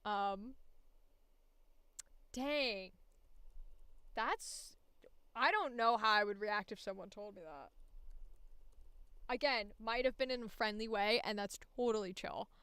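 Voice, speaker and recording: A woman's voice: medium pitch, animated, slow, pauses often, a bit bright, clear, resonant tone, no room sound. A woman voice actor chatting casually on a livestream, laughing often and swearing freely. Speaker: voice actor streamer.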